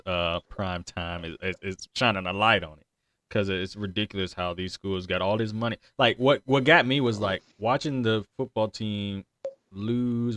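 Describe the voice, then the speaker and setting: Brief: young male podcast host, low voice, dry close mic, chatty and loose. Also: fairly bright tone, no echo. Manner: laughs a lot, loose and chatty. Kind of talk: casual chat.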